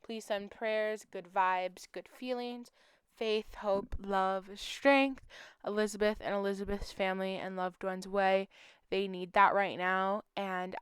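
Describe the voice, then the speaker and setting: A woman's voice: medium pitch, fairly even intonation, slow, clear, resonant tone, no echo, clean studio sound. A woman hosting a missing-persons channel, speaking in a heartfelt, emotional way as she pleads with viewers for help. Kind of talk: earnest appeal to viewers.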